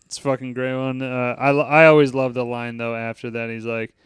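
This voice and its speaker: A man's voice: mid-range voice, little pitch movement, fairly quick, clear, resonant tone, no echo, clean studio sound. A man hosting a casual movie review podcast, talking loosely with some swearing and acting out lines from scenes. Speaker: podcast host.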